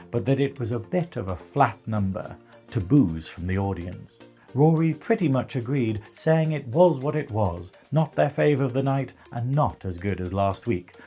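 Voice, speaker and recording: A man's voice: medium pitch, dark tone, husky. A man with a northern English accent giving a chatty, wry scripted recap of a drag competition. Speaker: show reviewer. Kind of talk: scripted narration.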